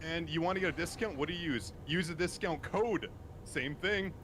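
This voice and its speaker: A man's voice: fairly high pitch, moderate pace, fairly bright tone, slight background noise. A man chatting with a fellow streamer during a game, playfully boasting and needling back. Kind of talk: casual livestream banter.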